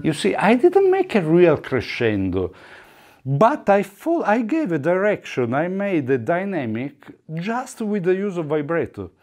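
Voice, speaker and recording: A man teaching double bass technique in a masterclass, explaining in a halting way with frequent restarts. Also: huge pitch swings, a little mellow. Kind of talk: instrument masterclass demonstration. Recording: faint bowed string music behind.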